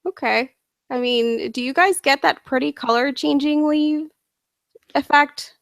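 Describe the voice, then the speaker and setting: Gravelly-voiced American woman hosting. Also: sits high, steady tone, measured pace, dry recording, clean studio sound. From United States. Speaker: host and interviewer. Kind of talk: casual interview chat.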